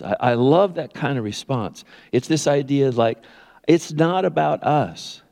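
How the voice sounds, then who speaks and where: Brief: male pastor, conversational sermon delivery, restarts often, mid-range voice, echoing sanctuary. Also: medium pitch. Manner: animated, conversational preaching with frequent restarts.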